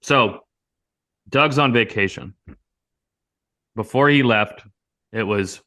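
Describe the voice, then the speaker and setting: A man with an American accent tells a story in a lively, casual way, acting out what each person said. His voice is low-ish but bright and forceful. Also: normal speed, creaky, long pauses. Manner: animated storyteller, acts out quotes loudly.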